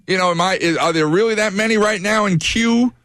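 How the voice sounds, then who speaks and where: A man's voice: high-pitched, brisk, no echo, studio quality. A man hosting a morning radio show, telling a story with energy and acting out what each person said. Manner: animated storyteller who acts out quoted voices.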